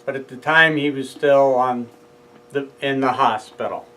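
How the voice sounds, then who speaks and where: A man's voice: medium pitch, a little slow, pushed and bright, rough recording. A man telling his own story in a casual monologue, rambling with asides and self-corrections. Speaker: father speaking out about his own court case.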